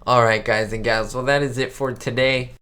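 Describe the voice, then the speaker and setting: A man's voice: medium pitch, steady tone, normal speed, bright, forceful tone, clear, resonant tone. A man hosting a live stream, reacting to an old comedy with frequent laughter and exclamations and talking straight to his viewers. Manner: giddy, laughs often, exclamatory; chats directly to viewers. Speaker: channel host.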